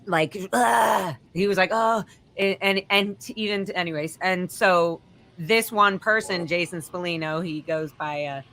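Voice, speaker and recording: This is a woman who talks in a bright, forceful voice and sits a little low in pitch. She rambles through her story on a casual live stream, swears freely and keeps restarting her sentences. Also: moderate pace. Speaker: guest.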